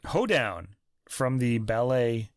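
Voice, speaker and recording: In a very animated, medium-pitched voice that takes things slowly, a man co-hosting a music podcast jokes around and shares strong opinions, using lots of fillers. The sound is clean studio audio from a podcast mic, with no room sound.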